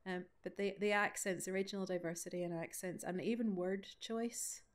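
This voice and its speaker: A woman with a Northern Irish Ballymena accent answers audience questions at a study day. She talks in a loose, chatty way, full of asides and little self-deprecating jokes, in a mid-pitched voice. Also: fairly even intonation, normal speed. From Northern Ireland. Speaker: invited author speaking at a study day. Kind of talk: conversational Q&A answer.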